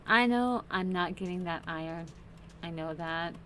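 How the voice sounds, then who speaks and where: Woman gamer rambling playfully as she plays, sharp bright voice, faint hum behind. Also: fairly low pitch, measured pace. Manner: chatty, playful, talks to the game's characters. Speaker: gaming channel host. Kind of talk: casual Minecraft let's-play commentary.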